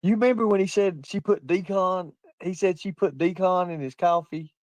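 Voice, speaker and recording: A man's voice: high voice, fairly even intonation, moderate pace, darkish tone, no room sound. A man telling profane stories through bursts of laughter while he chats on a livestream and reads out comments. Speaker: livestream host. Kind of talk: casual livestream chat reading comments.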